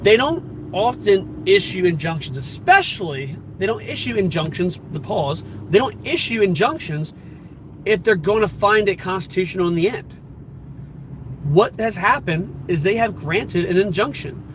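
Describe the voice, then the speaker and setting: A man with a high voice speaks as a firearms instructor, talking casually in plain, everyday words. He often stops and restarts his sentences, filling the gaps as he goes. He records from inside his car, with faint traffic noise in the background. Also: expressive, normal speed. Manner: conversational, plain-spoken, frequent restarts and fillers. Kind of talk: casual explanatory vlog.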